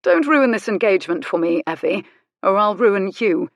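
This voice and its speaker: A woman's voice: medium pitch, expressive, normal speed, dry recording, studio quality, lightly acted. A woman voicing a smug, sneering aristocratic rake. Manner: sneering, self-satisfied. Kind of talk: audiobook character voice.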